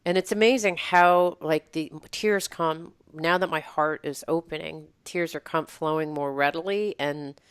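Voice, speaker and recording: A woman's voice: deep voice, unhurried, hardly any pauses, clear, resonant tone, dry recording. A woman host in casual chat, talking reflectively and meandering with many fillers.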